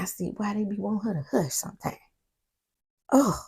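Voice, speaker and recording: Sassy woman with a gravelly, husky voice. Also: medium pitch, expressive, moderate pace, pauses often, darkish tone. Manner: sassy, exclaiming, blunt. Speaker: TV recap host. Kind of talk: casual episode recap commentary.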